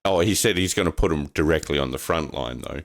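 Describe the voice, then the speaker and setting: A man's voice: rumbling low, fairly quick. A man co-hosting a casual podcast chat, telling stories with lots of swearing and acting out quotes. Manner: animated storytelling, swearing, acts out quotes in raised voice. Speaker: podcast co-host.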